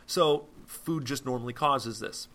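A man explains a psychology topic in a relaxed classroom style. His voice is bright and forward. He talks loosely, with plenty of fillers and quick self-corrections. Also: mid-range voice. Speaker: psychology teacher. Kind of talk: casual explanatory lecture.

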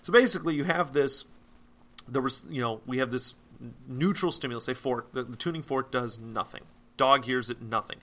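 A man explains a psychology topic in a relaxed classroom style. His voice is bright and forward. He talks loosely, with plenty of fillers and quick self-corrections. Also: medium pitch. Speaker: psychology teacher. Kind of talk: casual explanatory lecture.

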